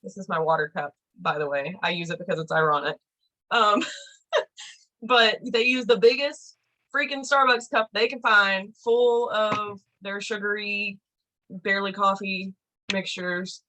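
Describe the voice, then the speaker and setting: A woman's voice: medium pitch, unhurried, pushed and bright, rough recording. A woman leading a team training over a video call, chatty and rambling with lots of fillers.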